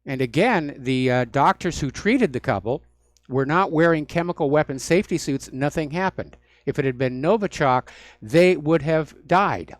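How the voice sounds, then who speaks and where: A male talk radio host riffs through the news on his own, full of sardonic, mocking asides. His voice sits somewhat high for a man. He is recorded close and dry in a studio with no room echo. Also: expressive, normal speed. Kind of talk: solo talk radio commentary.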